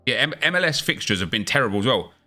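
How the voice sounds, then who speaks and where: A man's voice: medium pitch, big pitch swings, bright, forceful tone, soft background music. A man hosting a gaming livestream, chatting casually with viewers and switching into an upbeat video-host delivery. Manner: chatty, quick back-and-forth with viewers, hype intro energy.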